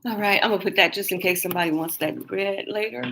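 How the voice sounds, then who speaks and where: A woman's voice: mid-range voice, fast, fairly bright tone, a little hiss or hum, rough recording. A woman in her later years, hosting a tarot livestream and chatting loosely with her viewers. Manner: chatty, rambling, laughs often, talks to viewers. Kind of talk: casual livestream chat.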